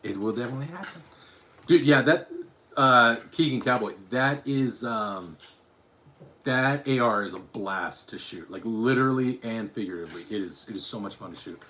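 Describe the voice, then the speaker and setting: A man's voice: mid-range voice, normal speed, sharp tone. A man from Utah chatting on a live stream, reading his chat aloud and rambling through restarts and asides. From Utah, USA.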